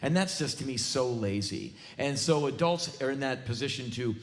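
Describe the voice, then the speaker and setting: A man in his forties from the United States, performing a live spoken word comedy rant on a theater stage with intense, shouting bursts. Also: medium pitch, animated, moderate pace. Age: 40s.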